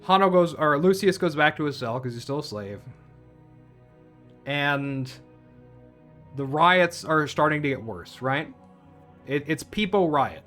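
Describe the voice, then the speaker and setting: Here a film reviewer goes over a film's story in a casual, cursing ramble full of restarts and side trips. His fairly high, expressive voice is unhurried and fairly bright, with frequent pauses and soft music in the background.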